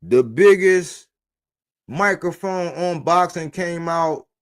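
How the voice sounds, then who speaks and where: A man's voice: sits high, slow, smooth. A man hosting a boxing livestream, talking in a casual, profane way full of street slang. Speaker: boxing podcast host.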